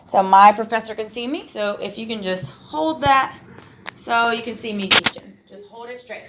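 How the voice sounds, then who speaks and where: A woman teacher running a reading lesson, encouraging and sounding words out slowly. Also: a little high, heavy background noise. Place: classroom. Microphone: far camera. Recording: echoey room from far off.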